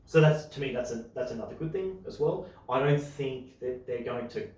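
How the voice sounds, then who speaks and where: An Australian man hosts a casual chat podcast in an echoey room, his mid-range voice picked up by a distant mic. He's excitable and opinionated, speeding up and slowing down as he goes.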